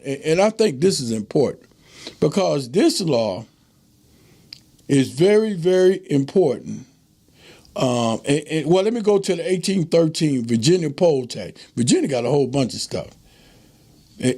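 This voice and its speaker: A middle-aged man hosting an informal history lesson, preachy and animated, often repeating himself for emphasis. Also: high voice, creaky. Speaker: host.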